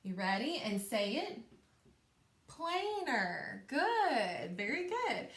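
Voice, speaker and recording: A woman's voice: high voice, very animated, slow pace, a bit bright. Patient woman teaching a phonics lesson. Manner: clear, patient, encouraging classroom cadence. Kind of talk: remote phonics lesson for children. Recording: echoey room.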